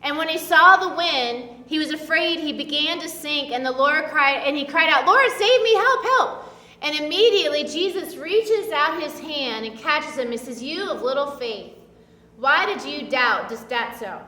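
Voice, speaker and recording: Woman preacher, high voice, bright tone, chatty casual sermon, roomy church echo. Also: normal speed, few pauses, far from the mic. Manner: chatty, filler-heavy, acts out quoted voices.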